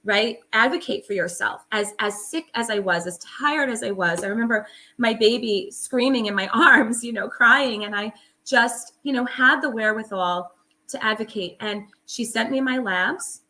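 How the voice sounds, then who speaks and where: Bright-voiced woman telling her story. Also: fairly high pitch, moderate pace. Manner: earnest, emphatic. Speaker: guest. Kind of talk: interview storytelling.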